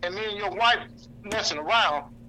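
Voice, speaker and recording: A man speaking in a fiery, preacherly way to a lunch crowd, his voice pitched high and cutting with a very sharp, bright edge. He talks bluntly, hammers points home by repeating them, and cites scripture chapter and verse. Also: moderate pace, slight background noise, low-quality recording. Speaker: activist speaker. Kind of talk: impassioned speech to a lunch audience. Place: indoor lunch gathering.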